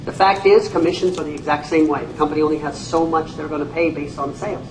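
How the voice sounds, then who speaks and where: A man, a company CEO, giving an animated training talk to an audience, telling stories and acting out people's reactions with folksy exclamations. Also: on the high side, quick pace, noisy background. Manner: storytelling, acts out voices, folksy exclamations. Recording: echoey room, speaker far from mic.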